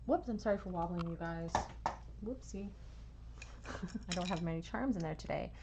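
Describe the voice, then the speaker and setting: Gentle woman giving a tarot reading. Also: fairly low pitch, normal speed, very noisy. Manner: gentle, soothing, reassuring talk with soft laughs. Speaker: tarot reader. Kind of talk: pick-a-card tarot reading.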